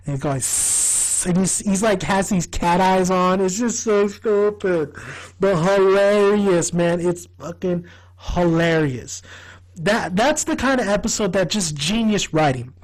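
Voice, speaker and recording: High-voiced man gushing over a show. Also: poor audio. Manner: rambling and excitable, laughs often, swears freely. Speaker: TV show reviewer. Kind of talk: casual fan review vlog.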